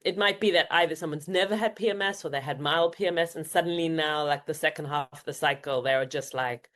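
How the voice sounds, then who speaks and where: Low-pitched woman guest, casual interview, explains things plainly with quoted asides. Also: brisk, fairly bright tone. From South Africa. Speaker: guest, homeopath and naturopathic doctor.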